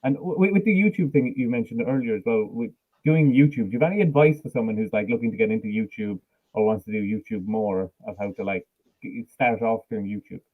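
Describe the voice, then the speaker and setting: A man's voice: fairly low pitch, fast talker. Irish man on a tinny line. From Ireland. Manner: easygoing, laughs between remarks. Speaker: podcast host. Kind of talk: casual interview chat.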